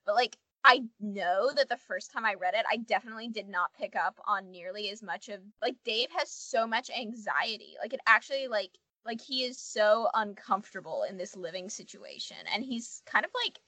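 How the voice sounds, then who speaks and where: A woman's voice: medium pitch, normal speed, hardly any pauses, pushed and bright, no echo. A young woman co-hosting a podcast, rambling in casual chat with lots of "like" fillers. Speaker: podcast co-host.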